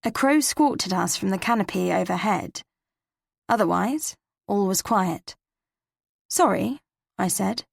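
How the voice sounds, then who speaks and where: A woman with an English accent, narrating a cozy mystery in first person with measured, crisp delivery. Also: mid-range voice, lively intonation, dry recording, clean studio sound. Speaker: audiobook narrator.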